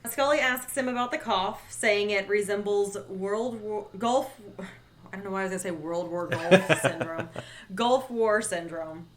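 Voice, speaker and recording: A woman's voice: medium pitch, normal speed. A woman co-hosting a podcast in casual chat, playful and teasing, often laughing as she recaps. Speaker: podcast co-host.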